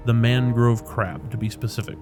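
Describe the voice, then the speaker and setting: Cultured polite engineer guy, read out by a man, pleasant, measured, unhurried, normal pitch. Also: steady tone, over music, close to an everyday voice. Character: cultured, pleasant middle-aged man, calm drone engineer.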